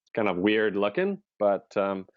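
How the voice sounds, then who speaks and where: Deep-voiced man murmuring steps. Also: big pitch swings, moderate pace, no echo. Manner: low-key, murmurs steps to himself. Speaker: co-host, practitioner. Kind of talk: live-stream session narration. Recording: dull lo-fi stream audio, dry.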